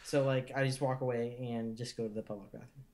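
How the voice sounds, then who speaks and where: A man co-hosting a podcast, telling stories in a casual, animated way with lots of swearing. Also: mid-range voice. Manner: animated, profane, quick asides. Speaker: podcast co-host. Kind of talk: casual profane storytelling.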